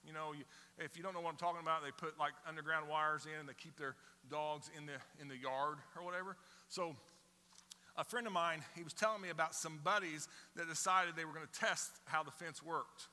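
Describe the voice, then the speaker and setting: A middle-aged man preaching a sermon to his church, conversational and animated, acting out little scenes as he goes. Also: fairly high pitch, brisk, big-room sound. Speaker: pastor. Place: church sanctuary with congregation.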